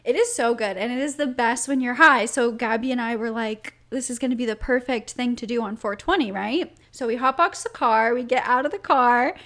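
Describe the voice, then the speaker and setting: Giggly high-voiced young woman telling a story. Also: brisk, few pauses. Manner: giggly, animated, lots of "like". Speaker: podcast co-host. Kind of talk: casual storytelling chat.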